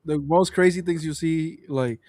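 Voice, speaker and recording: A man with a Latin American Spanish accent, a native Spanish speaker, co-hosting a podcast over an online call and telling stories in a lively, swearing, casual way. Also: fairly high pitch, normal speed, dry recording. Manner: animated storyteller, swears freely. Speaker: podcast co-host. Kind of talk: casual chat. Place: Panama.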